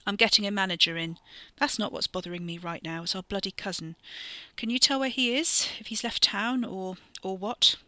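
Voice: mid-range voice, brisk, bright, forceful tone, dry recording. Narrator doing a curt, clipped brother. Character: curt, tense young man, her brother. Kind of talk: audiobook character voice.

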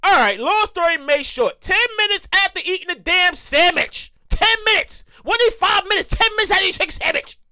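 High, lively New man. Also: fairly quick, few pauses. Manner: animated, repeats words, laughs at own stories. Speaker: podcast host. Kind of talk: comedic monologue.

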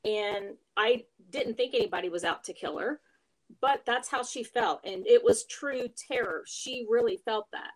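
A middle-aged woman telling, in an interview, her personal story of caring for her mother, earnest and emotional with reflective pauses. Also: on the high side, poor audio.

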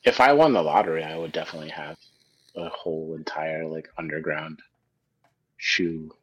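A man's voice: extremely low pitch, normal speed, rough recording. A man telling crude, joking stories in casual chat from his home basement.

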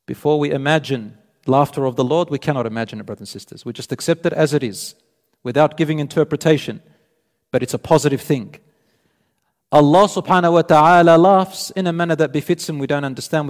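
A man preaching a sermon, retelling a story with animated delivery and voicing both sides of the dialogue. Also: on the high side, quick pace. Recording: long hall reverb.

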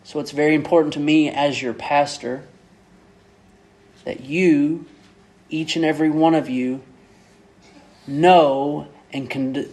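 Male pastor mid-sermon, unhurried delivery, leans on key words, slightly high voice. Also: a little mellow. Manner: measured, repeats and stresses key words.

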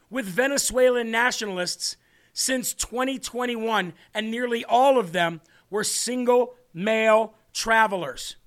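High-pitched guy hosting a political talk show, sarcastic and rambly. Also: a bit bright. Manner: sarcastic, rambling, addresses audience as folks. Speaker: show host.

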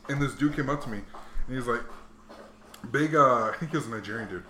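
A man's voice: medium pitch, fast talker, echoey room, slight background noise. A man hosting a podcast, chatting casually and acting out the people in his stories. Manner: animated storyteller, acts out quoted voices. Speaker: podcast host. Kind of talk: casual chat.

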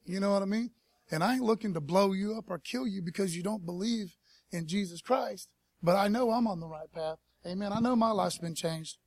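A pastor preaching a casual sermon at a church service, in a laid-back, slangy way and calling on the congregation to respond. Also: male voice, high voice, brisk, no room sound. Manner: laid-back slangy preaching, peppered with "man" and "you know what I mean"; calls for audience response.

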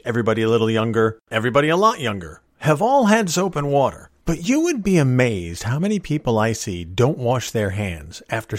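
A man's voice: medium pitch, no echo, clean studio sound. A middle-aged man hosting a solo podcast, talking in a folksy, opinionated and wry way. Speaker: podcast host.

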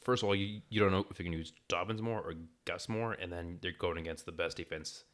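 A man's voice: deep voice, brisk, fairly bright tone. A man co-hosting a casual fantasy football chat, giving plain, blunt opinions. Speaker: podcast co-host.

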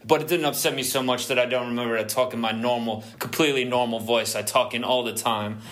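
A man's voice: medium pitch, fairly even intonation, fast, fairly bright tone, natural voice. A man hosting a comedy podcast as a blustering English football fan in a put-on English accent. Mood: blustery. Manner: blustery, mock-dramatic. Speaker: podcast host.

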